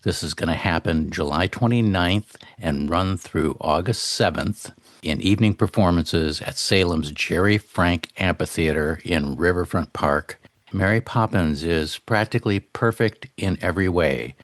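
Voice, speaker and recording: Very deep-voiced male radio host. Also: unhurried, no room sound. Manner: enthusiastic, emphatic announcer. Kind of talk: radio interview and show promotion.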